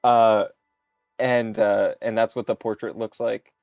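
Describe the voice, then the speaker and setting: Halting male game master. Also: on the low side, flat delivery, dry recording, lo-fi sound, soft background music. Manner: halting, improvised description. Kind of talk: narrating a tabletop game.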